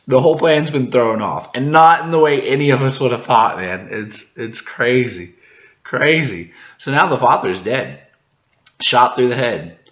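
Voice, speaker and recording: Excitable man reacting to a manga chapter. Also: mid-range voice, measured pace, reverberant, muffled recording. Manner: excitable, laughs often, stumbles over words when hyped. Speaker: manga reaction channel host.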